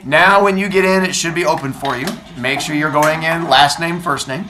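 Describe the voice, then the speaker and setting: A man's voice: fairly high pitch, normal speed. A male teacher walking seventh graders through a quiz step by step, with dry sarcastic asides. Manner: steady step-by-step explaining. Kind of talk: classroom instruction. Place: classroom full of seventh graders. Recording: noisy classroom. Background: student chatter.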